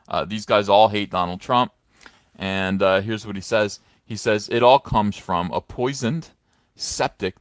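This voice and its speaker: A middle-aged comics commentator with a deep, fairly bright voice delivers sarcastic, mocking commentary in a casual vlog, rambling with many fillers. He records on a phone on a stand, yet the sound is studio quality with no echo.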